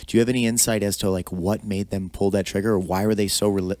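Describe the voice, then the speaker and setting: A man's voice: on the low side, fairly even intonation, fast talker, darkish tone, no echo. A man hosting an interview, asking long, meandering questions full of "like" and "you know.". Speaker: podcast host.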